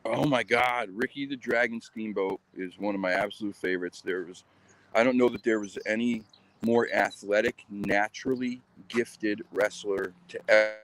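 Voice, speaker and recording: A man with a fairly low voice talks in a loose, rambling way, full of ums and little asides, as he walks his dog outside. It has the feel of an unscripted live stream, and faint background noise with birds sits under his voice. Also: steady tone, normal speed, fairly bright tone. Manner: rambling, chatty, lots of ums. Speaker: channel host. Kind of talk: casual live-stream chat. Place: outdoors walking a dog.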